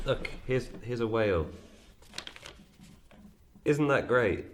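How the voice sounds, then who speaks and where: A man's voice: mid-range voice, expressive, slow, pauses often, a little hiss or hum. A man co-hosting a casual youth-group video, joking and punning in a dry way. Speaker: co-host. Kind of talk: casual chat.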